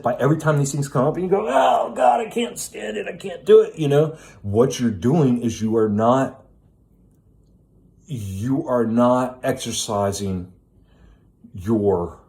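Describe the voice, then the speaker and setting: A man's voice: on the low side, a little mellow. Blunt, swearing middle-aged man. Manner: blunt, swears often, preachy. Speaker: self-help speaker. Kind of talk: casual monologue.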